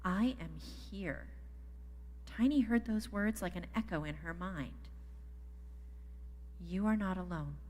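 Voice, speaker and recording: A woman reads a story aloud in a church service, slow and soft, coming back again and again to a calm refrain. Her voice sits a bit low. It rings through a sanctuary with a long reverb. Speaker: story reader in worship service. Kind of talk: slow gentle story reading to children.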